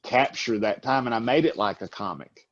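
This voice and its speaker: A man's voice: medium pitch, moderate pace, highs cut off. Musing podcast guest, a man. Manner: musing, grandiose phrasing. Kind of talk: casual chat.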